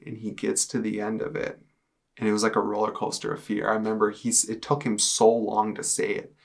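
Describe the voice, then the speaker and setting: Young guy telling his testimony, low and kinda gravelly, halting, lots of fillers. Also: monotone. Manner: earnest, halting retelling with many fillers. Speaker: testimony speaker. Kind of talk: personal testimony, storytelling.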